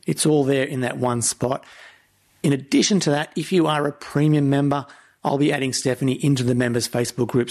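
Gravelly man hosting a podcast. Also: mid-range voice. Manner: upbeat, effusive. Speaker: podcast host. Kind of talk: podcast interview and outro.

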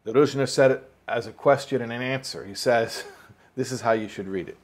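A rabbi teaches a Torah class, telling a story and then explaining it, mixing in Hebrew and Yiddish words with rising emphasis. His voice is medium in pitch and his pace is moderate.

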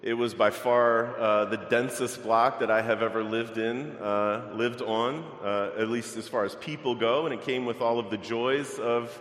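A man's voice: medium pitch, steady tone, unhurried, hardly any pauses, fairly bright tone. A middle-aged male pastor preaching a sermon, reading scripture and telling a personal story in a conversational way with fillers. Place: large church sanctuary. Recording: echoey church hall, long reverb.

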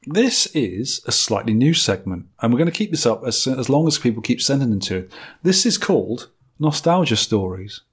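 A man's voice: medium pitch, sing-song, normal speed, slightly rough. Teasing man hosting a podcast quiz. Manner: teasing quizmaster, reads listener mail aloud. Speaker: podcast host. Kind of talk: casual podcast chat and letter reading.

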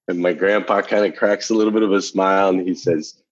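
A man's voice: deep voice, steady tone, normal speed, few pauses, slightly rough, dry recording, muffled recording. A man guest telling a personal story in a casual conversation, emphatic and repeating phrases for effect, ending with a motivational challenge. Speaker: podcast guest.

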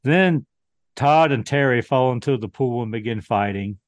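A man's voice: mid-range voice, normal speed, no room sound. A man co-hosting a podcast, casually retelling a film's plot in a dry, wry way. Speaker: podcast co-host. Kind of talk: casual movie recap chat.

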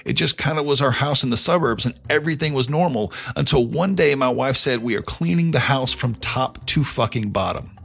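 A man's voice: medium pitch, fairly quick, gravelly, few pauses, a bit bright, breathy edge. A middle-aged man hosting a podcast, telling a story in a casual, profane, conversational way. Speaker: podcast host.

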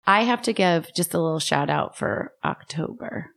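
A middle-aged woman co-hosting a casual podcast, reacting loudly and telling stories about her family. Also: lowish voice, moderate pace, gravelly. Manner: animated, exclaiming reactions. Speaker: podcast co-host. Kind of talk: casual chat.

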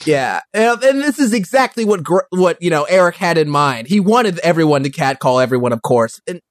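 A man's voice: a little high, expressive, brisk, no room sound, studio quality. Loose, rambling male podcast co-host. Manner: loose, hedging with fillers. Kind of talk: casual recap chat.

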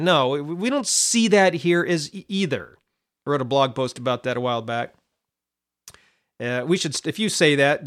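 Animated male Bible podcast teacher. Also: mid-range voice, moderate pace. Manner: conversational, with fillers and restarts.

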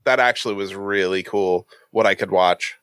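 A man co-hosting a casual podcast, excitable and quick to laugh. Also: low voice, smooth, no room sound, studio quality. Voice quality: excitable, says "dude" and "oh my God". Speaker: podcast co-host. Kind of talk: casual chat.

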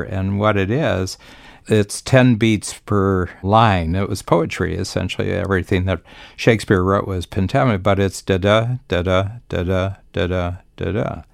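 A man's voice: sits low, creaky, no room sound, studio quality. An older man, a business coach, talking confidently on a podcast and spinning long reflective stories. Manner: confident, storytelling, speaks in long reflective sentences. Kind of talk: conversational podcast talk.

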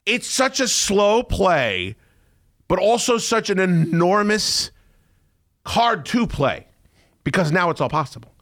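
A man hosting a podcast in casual chat, excitable and profane, often breaking into loud shouting. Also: high-pitched, slow pace, pauses often. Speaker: podcast host.

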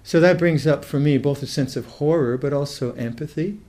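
An older Buddhist meditation teacher gives a reflective dharma talk in a mellow voice that sits on the high side. He speaks thoughtfully and haltingly, often starting his sentences over.

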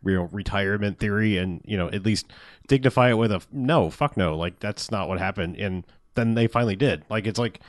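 A man's voice: lowish voice, fairly quick, no echo, studio quality. A man in casual podcast chat, laid-back and swearing now and then.

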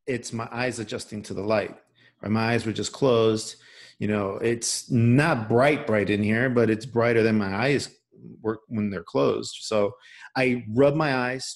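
A man hosting a podcast, telling a personal story in a casual, animated way, full of restarts and "right?". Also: mid-range voice. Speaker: podcast host.

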